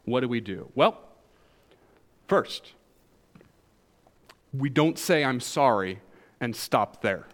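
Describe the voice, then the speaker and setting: A man's voice: medium pitch, takes it slowly, pauses often. A male pastor with a Southern US accent preaching a sermon, joking with the congregation. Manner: animated, jokes with the congregation.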